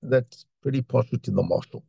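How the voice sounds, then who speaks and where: A man's voice: medium pitch, brisk, gravelly, mellow, husky, no room sound, highs cut off. A man teaching a Torah class, reading Hebrew phrases and explaining them in English, often repeating words as he searches for the next one. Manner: reads Hebrew lines then translates, with repetitions and restarts.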